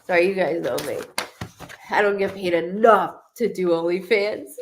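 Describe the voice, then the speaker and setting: A chatty woman doing a live-streamed psychic reading over a webcam mic. She rambles and restarts, jokes at her own expense, and keeps talking to her online audience. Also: normal speed. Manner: chatty, rambling, self-deprecating, acts out quoted spirits in higher voice. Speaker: psychic medium.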